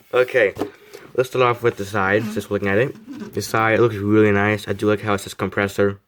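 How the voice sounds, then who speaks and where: A man's voice: on the low side, steady tone, normal speed. A teenage boy casually reviewing a model car, rambling and self-deprecating, with many fillers and restarts. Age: teens.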